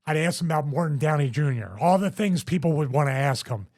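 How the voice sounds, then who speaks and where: Backstage stories spill out in casual, rambling chat as this wrestling podcast host talks in a slightly high, slightly fast voice. He's animated and keeps restarting his sentences.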